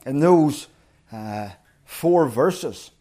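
A man's voice: fairly high pitch, lively intonation, very slow, dark tone. Dramatic storytelling preacher, a man. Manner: storytelling, dramatic retelling with acted quotes. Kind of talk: sermon.

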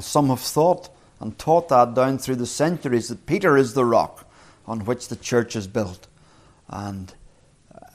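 A man preaching a sermon, earnest, slowing down and rising in pitch when quoting scripture. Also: a little mellow. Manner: earnest, slows and rises on scripture quotes.

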